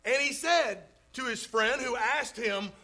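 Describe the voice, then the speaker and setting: A man's voice: very high voice, pushed and bright, soft background music, rough recording. A man preaching a sermon to a congregation, leaning hard on key words. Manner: emphatic, drawn-out stresses on key words.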